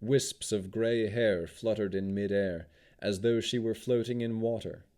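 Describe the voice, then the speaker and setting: A man narrating a fantasy audiobook with expressive storytelling. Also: fairly low pitch, a little slow.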